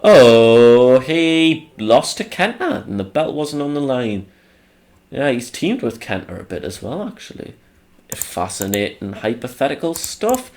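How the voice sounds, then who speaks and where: A young man hosting his channel rambles through casual, sarcastic commentary on a wrestling sim game, swearing throughout. His voice is sing-song and darkish in tone, a little slow, and swings widely up and down in pitch.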